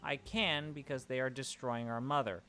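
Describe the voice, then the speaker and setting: A man's voice: medium pitch, fairly even intonation, moderate pace, bright, forceful tone, slight background noise, lightly acted. A man reading aloud the lines of a fiery, foul-mouthed woman protester from a game. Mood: furious. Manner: swearing, defiant. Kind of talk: game dialogue read aloud.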